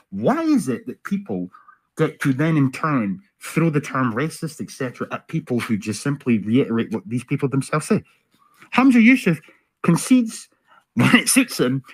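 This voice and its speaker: A man delivers a sarcastic, swearing commentary, firing off rhetorical questions. His husky voice leaps up and down in pitch as he mocks what he's heard. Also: rough recording. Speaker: political commentary host. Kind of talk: ranting commentary over clips.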